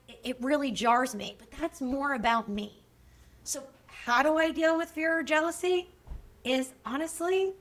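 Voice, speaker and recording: Podcast host, woman with a high voice, frank and self-reflective, swears casually. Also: a bit bright. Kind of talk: candid solo podcast monologue.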